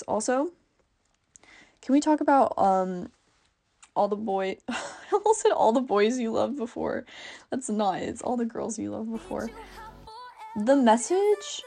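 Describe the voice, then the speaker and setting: Chatty teenage girl with vocal fry. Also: mid-range voice, warm tone. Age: teens. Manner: chatty, full of "like" and self-corrections. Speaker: podcast host. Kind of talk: casual chat.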